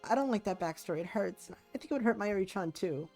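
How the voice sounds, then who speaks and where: A man voicing a shy, gentle young girl who pleads in a trembling voice while reading a visual novel aloud. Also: sits high, expressive, fast talker, faint music behind, pitched above the performer's own voice. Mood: tearful pleading.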